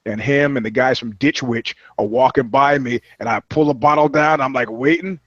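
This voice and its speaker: A man's voice: mid-range voice, normal speed, no room sound, dull audio. A man talking as a podcast guest, telling loose, profane anecdotes in casual chat. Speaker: guest, touring musician.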